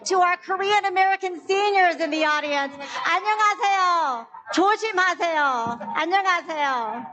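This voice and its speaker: A high-voiced woman speaking at an outdoor rally, delivering a prepared speech with the steady poise of a news anchor. Her tone is earnest and measured. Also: poor audio.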